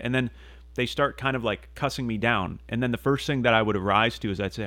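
A man's voice: mid-range voice, fast, fairly bright tone, no echo. A man talking casually on a podcast, earnest and rambling, with many restarts and fillers. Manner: casual swearing. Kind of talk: casual conversational monologue.

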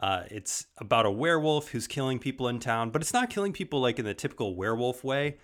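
A man in a medium register talks films in a relaxed way. He runs through facts about a movie, then gives his own opinion of it. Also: mid-range voice, quick pace. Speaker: podcast co-host. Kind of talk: casual film discussion.

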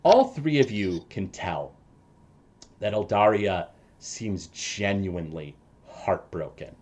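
A male game master narrates a tabletop game in a low voice. He tells the story slowly and without hurry. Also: expressive, a little mellow.

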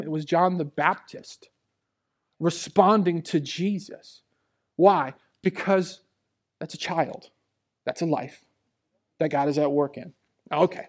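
High-voiced man preaching a sermon. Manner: conversational preaching that swells to loud emphatic peaks. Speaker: pastor.

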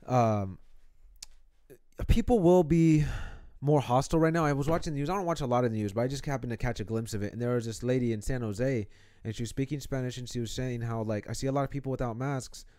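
A man's voice: mid-range voice, fast, dark tone, dry recording, studio quality. A young man co-hosting a casual podcast, musing in a rambling, reflective way with frequent restarts. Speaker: podcast co-host. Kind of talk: casual chat.

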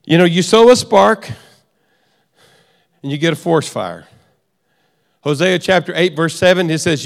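A man's voice: on the high side, moderate pace, vocal fry, long pauses, long reverb tail. A middle-aged man teaching a sermon in a conversational way, often repeating and restarting phrases. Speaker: preacher.

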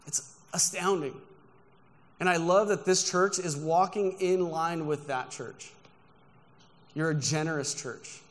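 A man preaching a sermon with earnest emphasis, telling personal stories from the pulpit. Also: a little high. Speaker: guest pastor. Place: church sanctuary. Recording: long reverb of a large church hall.

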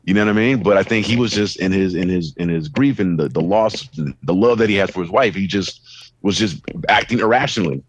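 A man's voice: deep voice, fairly quick, breathy edge, dry recording, poor audio. A man co-hosting a podcast in a laid-back, rambling way, saying "you know" often and swearing casually. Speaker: podcast co-host. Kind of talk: casual chat.

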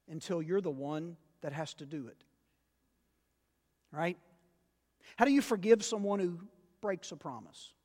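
High-voiced preaching man in echoing sanctuary. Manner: emphatic preaching that swells to loud peaks, with asides to the congregation. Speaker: pastor. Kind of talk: sermon.

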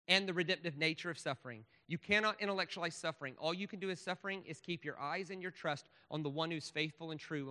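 Bright-voiced pastor preaching in a hall. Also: male voice, a little high. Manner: conversational, rhetorical questions to the audience. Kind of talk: sermon.

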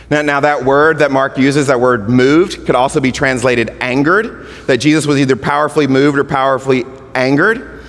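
A male pastor giving an earnest sermon. He swells to emphatic points, then drops quiet and stretches out his words. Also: medium pitch. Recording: long hall reverb.

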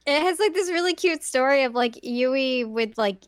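A woman's voice: high voice, animated, normal speed, smooth, dry recording, clean studio sound. A woman chatting casually as a podcast co-host, adding amused asides. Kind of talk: casual chat.

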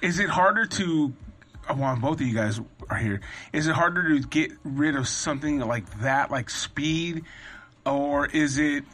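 Husky, bright man in loose banter. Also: a little high, measured pace. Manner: loose, laughing, profane interjections. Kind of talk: casual podcast chat.

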